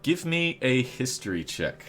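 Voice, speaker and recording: A man's voice: mid-range voice, sing-song, measured pace, fairly bright tone, soft background music. A man narrating as game master in a tabletop game, rambling with many fillers and jokey asides.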